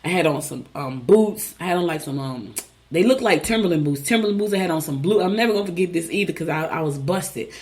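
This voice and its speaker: A woman hosting a radio show reads out horoscopes in a loose, conversational way. She is animated and chatty, and she breaks into personal stories between signs. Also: on the low side, quick pace. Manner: animated, chatty, storytelling asides. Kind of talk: casual chatty horoscope reading.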